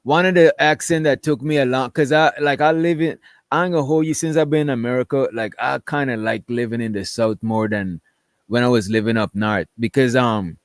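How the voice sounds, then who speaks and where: A man's voice: mid-range voice, brisk, no room sound, clean studio sound. A man from Guyana co-hosting a casual podcast chat, talking in a laid-back, slangy way.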